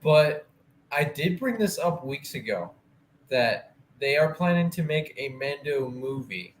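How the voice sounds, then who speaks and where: A man co-hosting a casual talk show, upbeat and quick to laugh. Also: fairly high pitch, animated, slight background noise. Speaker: podcast co-host. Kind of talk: casual chat.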